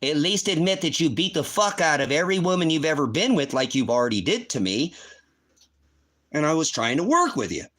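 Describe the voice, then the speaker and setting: A man's voice: a little high, big pitch swings, a little fast, a bit bright. A man hosting a livestream, ranting in a heated, profane, accusing way. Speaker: livestream host. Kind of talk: angry livestream rant.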